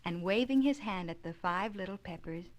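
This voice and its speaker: A woman reading an abridged children's classic aloud in measured, storytelling narration. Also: lowish voice, expressive. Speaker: audiobook reader. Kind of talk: scripted narration.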